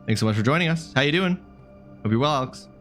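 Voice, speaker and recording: A man talks his way through a video game live at a middling pitch, keeping up an easy running chat with viewers. He apologizes readily and drops the odd swear word, and faint music sits under his voice. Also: expressive, fast talker, a bit bright. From Canada. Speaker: game streamer. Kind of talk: live let's-play commentary.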